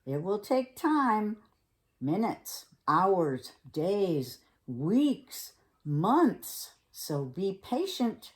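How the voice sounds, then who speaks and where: A woman voicing a sly, fast-talking male fox salesman with pushy sales patter in a storybook reading. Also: medium pitch, sing-song. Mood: wheedling.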